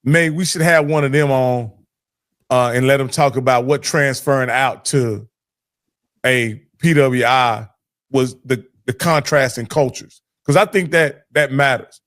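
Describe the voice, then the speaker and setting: A man's voice: mid-range voice, a bit bright. A man hosting a sports talk show, rambling and restarting his sentences as he thinks aloud. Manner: rambling, halting, many restarts.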